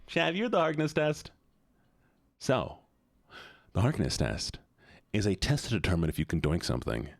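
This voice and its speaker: A man's voice: lowish voice, wildly swooping pitch, moderate pace, creaky, long pauses, no room sound, clean studio sound. A man streaming live, reacting to viewer submissions in casual chat, often sighing, swearing and repeating himself in exasperation.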